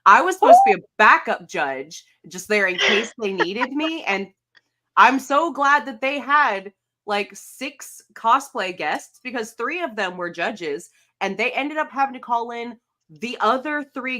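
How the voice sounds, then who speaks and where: Bright-voiced chatty woman co-host. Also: fairly high pitch, a little slow. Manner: chatty, excited storytelling. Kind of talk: casual chat.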